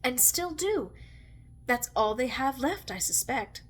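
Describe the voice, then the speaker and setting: An earnest young girl from a storybook, speaking plainly and plaintively about her worries, as a woman voices her. Her voice is lifted noticeably higher than the reader's own. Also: big pitch swings, takes it slowly, slightly rough, full character voice.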